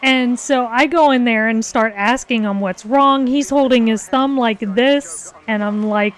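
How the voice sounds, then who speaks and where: Slow-talking woman telling a story. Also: fairly high pitch. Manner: laughs often while telling a story. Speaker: co-host of art and gaming stream. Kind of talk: casual storytelling.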